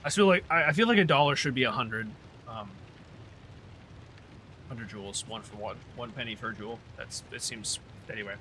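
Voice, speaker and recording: A man's voice: medium pitch, normal speed, long pauses, sharp tone, a little hiss or hum. A man streaming a game, chatting casually with his viewers in a rambling way, often trailing off and restarting. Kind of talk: casual livestream chat while gaming.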